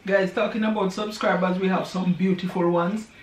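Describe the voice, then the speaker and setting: A woman's voice: medium pitch, fairly even intonation, normal speed, far from the mic. This is a chatty woman hosting a cooking vlog from her garden. She jokes and laughs while she cooks. The recording is echoey, with a light hiss underneath. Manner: playful, chatty, laughs often. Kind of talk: casual cooking chat. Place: outdoor garden. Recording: echoey with faint noise.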